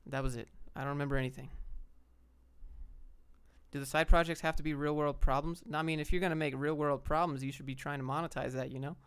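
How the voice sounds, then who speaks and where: Young guy streamer, slangy and blunt, slightly high, smooth clear voice. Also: steady tone, fast, a bit bright. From Atlanta, Georgia, US. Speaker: streamer answering chat questions. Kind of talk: casual livestream Q&A.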